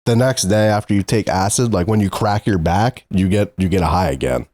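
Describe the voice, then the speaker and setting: A young man co-hosting a casual podcast, animated and quick to swear and laugh. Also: low-pitched, dry recording. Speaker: podcast co-host.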